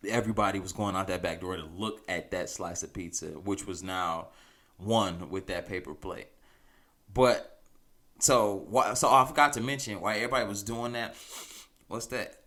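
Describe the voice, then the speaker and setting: A man spins a casual story on his podcast in a lower register with a bright, forceful edge. His delivery is loose and animated, and he chuckles often. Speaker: podcast host.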